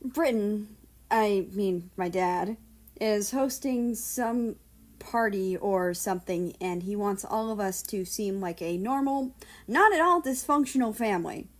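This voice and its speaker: A woman's voice: medium pitch, measured pace, natural voice. Woman reading as America, a glum rambling young man.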